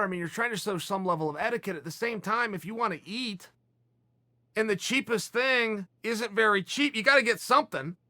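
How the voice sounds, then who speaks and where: Bright, high-voiced male storyteller. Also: dry recording, clean studio sound. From Oregon, US. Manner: animated, emphatic storyteller with frequent restarts. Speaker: podcast host. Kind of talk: casual storytelling.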